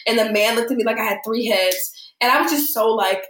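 Woman, young adult, casual storyteller, animated, roomy echo. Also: fairly high pitch, fast talker. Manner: animated, acts out quoted voices. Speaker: podcast guest.

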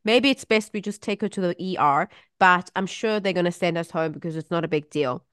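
A woman co-hosting a casual chat and telling an animated family anecdote with frequent laughter. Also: fairly low pitch, fairly quick, clean tone, no echo, studio quality. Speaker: podcast co-host.

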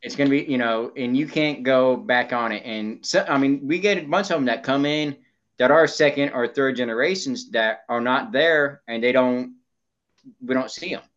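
Man, podcast co-host, opinionated, mid-pitched, dull lo-fi audio. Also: moderate pace, fairly bright tone. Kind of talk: casual chat. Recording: muffled lo-fi audio.

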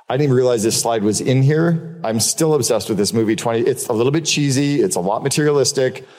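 Medium in pitch and darkish in tone, a keynote speaker addresses a live audience with a frank, profane business talk. He leans on stories and repeats key points for emphasis, and the recording has a long hall reverb.

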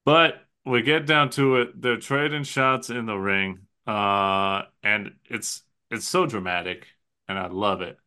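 A man's voice: fairly low pitch, slow pace, bright, forceful tone, clear, resonant tone. A man co-hosting a podcast, chatting casually and recapping movie scenes with enthusiasm. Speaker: podcast co-host.

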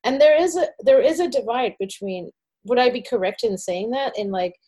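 A woman's voice: on the high side, moderate pace, warm tone. A woman hosting a casual interview, talking hesitantly and searching for her words with frequent restarts. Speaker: podcast host.

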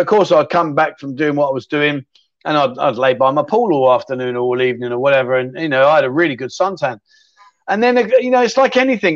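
A man hosting a casual livestream chat show, reading out viewer questions and chatting with lots of fillers and restarts. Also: fairly high pitch. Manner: chatty, repeats words, frequent fillers and self-restarts. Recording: slightly dull, lo-fi sound.

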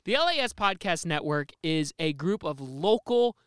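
A man hosting a podcast in a studio, talking in an excitable, teasing way. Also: on the high side, normal speed, clear, resonant tone, no room sound. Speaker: podcast host. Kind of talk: casual podcast chat.

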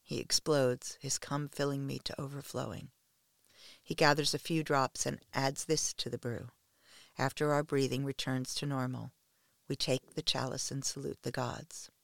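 A man reading a first-person story aloud in a slow, hushed, measured way. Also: mid-range voice, level tone, vocal fry, no room sound, studio quality.

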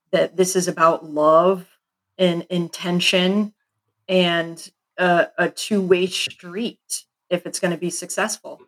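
A podcast host speaking reflectively and in a measured way. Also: mid-range voice, fairly bright tone, rough recording. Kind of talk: conversational interview.

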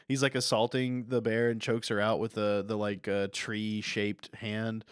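A man's voice: on the low side, a little slow, clean tone, dry recording. Man recapping a movie in a dry room. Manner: animated, acts out character lines in a raised voice. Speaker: podcast co-host. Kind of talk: casual chat recapping a movie.

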